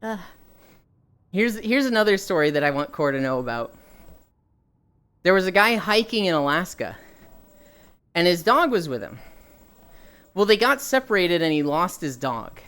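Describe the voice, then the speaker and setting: A woman's voice: on the low side, sing-song, normal speed, long pauses, fairly bright tone. A young woman livestreamer chatting casually and telling stories, often breaking into laughter. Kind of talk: casual chat.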